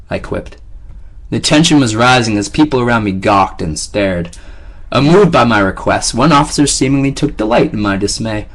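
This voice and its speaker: A man's voice: mid-range voice, fairly quick, fairly bright tone. A man narrating a first-person novel in a sardonic, wry tone. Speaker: audiobook narrator.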